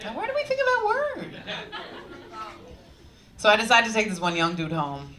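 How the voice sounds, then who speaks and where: A woman's voice: on the high side, wildly swooping pitch, moderate pace, pushed and bright, a faint crowd. A young woman from Long Island with a Long Island accent, doing a brash stand-up comedy set with confiding punchlines. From Long Island, New York. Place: comedy club stage. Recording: noisy live club recording from some distance.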